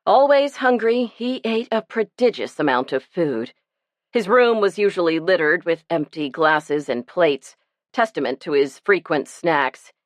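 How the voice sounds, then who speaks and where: A woman narrating an audiobook in an expressive storytelling manner. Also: on the low side, unhurried, no room sound. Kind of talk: scripted narration.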